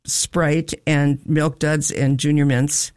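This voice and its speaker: A man's voice: on the high side, takes it slowly, clear, resonant tone, no echo, clean studio sound. A man in a casual chat, telling funny family stories and acting out the voices of the people in them. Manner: animated storytelling, acts out quoted voices, laughs often. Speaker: storyteller in a chat.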